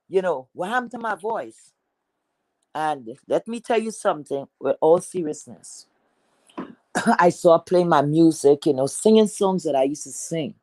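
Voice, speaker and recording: A woman with a deep, heavy voice telling a personal story in a chatty, rambling way, full of fillers. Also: a little mellow, no room sound, rough recording.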